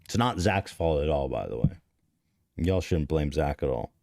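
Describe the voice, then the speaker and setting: Low-voiced man rambling on a podcast. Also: expressive, normal speed, vocal fry, a little mellow, no echo, studio quality. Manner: rambling, profane, self-deprecating, many restarts. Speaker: podcast host. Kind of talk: casual confessional podcast talk. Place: podcast studio.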